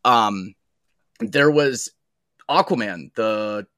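A man with a bright, forceful voice trades jokes in loose, profane podcast banter. He laughs easily and swears freely. The sound is dry and close. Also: on the low side, drawn-out words, dry recording. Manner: joking, swears a lot, laughs often. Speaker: podcast co-host. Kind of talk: casual profane chat.

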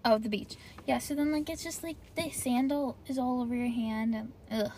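Sitting in her car, a young podcast host goes on a casual, profane, complaining solo rant, dropping "like" constantly. She has a higher-pitched, mellow voice, a steady tone and a moderate pace, with a little hiss or hum in the audio.

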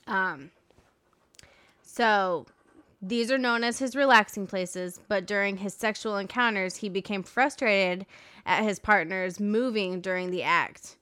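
A woman co-hosting a podcast in a Midwestern accent, with a smooth, clear voice. She speaks emphatically and with a sarcastic edge, and the recording is dry. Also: mid-range voice, unhurried, a bit bright, no room sound. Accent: Ohio Midwestern. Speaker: podcast co-host. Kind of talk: casual chat.

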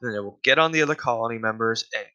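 A man's voice: mid-range voice, rapid-fire, bright, forceful tone, muffled recording. A man delivering a casual, profane solo rant, exasperated and full of fillers.

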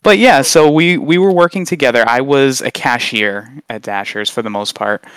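A young man, a guest on a casual chat recorded remotely, telling funny stories with lively acted-out quotes. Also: normal speed, clear, resonant tone, no echo. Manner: animated storyteller, acts out quotes in high voices. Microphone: long-distance remote recording.

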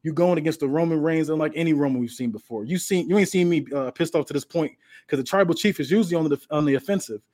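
Man playing a boastful, threatening wrestling champion, firm and slightly high. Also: quick pace, few pauses, darkish tone, lightly acted. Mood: menacing. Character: menacing male wrestling champion.

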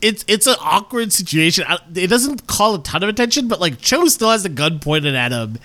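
Halting man recapping with fillers. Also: sits high, big pitch swings, sharp tone. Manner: halting, loses his thread, lots of fillers. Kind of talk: casual plot recap.

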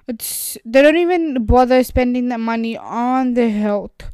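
A woman talks earnestly in a casual chat, pausing and restarting with many fillers. Her voice sits fairly high but sounds mellow and smooth. The recording is dry and close, with no room echo. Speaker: podcast host.

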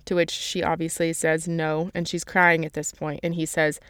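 A woman's voice: deep voice, flat delivery, moderate pace, fairly bright tone, clear, resonant tone, no echo, studio quality. A young woman casually retelling a novel's chapters for a book summary, peppering her talk with "like" and reading passages aloud.

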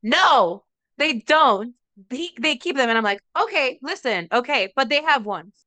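A young adult woman co-hosting a podcast, telling a story in casual chat, animated and profane, acting out what others said. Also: sits high, a little slow, dry recording. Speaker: podcast co-host.

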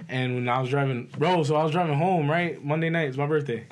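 A man's voice: fairly high pitch, fast. Laid-back young man telling stories. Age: 20s. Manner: laid-back storytelling, lots of swearing. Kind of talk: casual chat.

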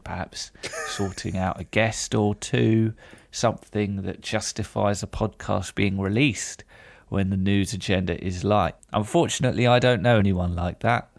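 Gravelly, low-voiced podcast host. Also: male voice, no room sound. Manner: dry, self-deprecating humor. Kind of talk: casual chat.

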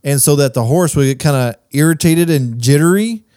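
A man co-hosts a relaxed podcast, telling stories in an easygoing way and laughing often. His voice is fairly high. The recording is dry and close. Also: brisk, no room sound. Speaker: podcast co-host. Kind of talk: casual chat.

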